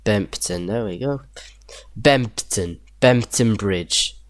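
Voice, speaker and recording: Building a train map in a game, a young gameplay video creator from Yorkshire muses aloud and chuckles to himself at times. His voice is fairly low and slow, with no echo.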